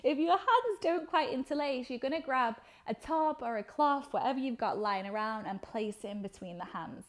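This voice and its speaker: A young woman teaching a yoga class, giving calm step-by-step cues timed to the breath. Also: high-pitched. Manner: calm instructional cueing, slow breath-paced phrasing. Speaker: yoga instructor.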